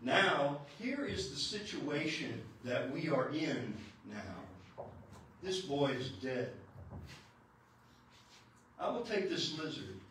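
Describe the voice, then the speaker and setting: A man voicing a wise old hunter who speaks in calm, solemn pronouncements, recorded in an echoey church. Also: fairly high pitch, slow pace, long pauses, far from the mic, slight background noise.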